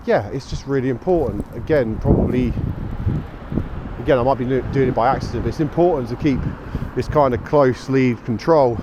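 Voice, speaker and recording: A man's voice: mid-range voice, a little fast, dull audio. Chatty man walking his dog. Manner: chatty, rambling, calls out commands to his dog. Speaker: dog walker vlogger. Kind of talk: casual walking commentary. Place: outdoors on streets and fields at dusk. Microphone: action camera mic. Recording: outdoor action camera with clear traffic noise. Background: traffic and street noise.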